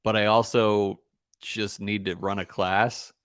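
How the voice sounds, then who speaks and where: A man's voice: lowish voice, little pitch movement, fairly bright tone, clear, resonant tone. A young man co-hosting a podcast in casual chat, chiming in with supportive, jokey remarks. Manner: supportive, quick jokey interjections. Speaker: podcast co-host.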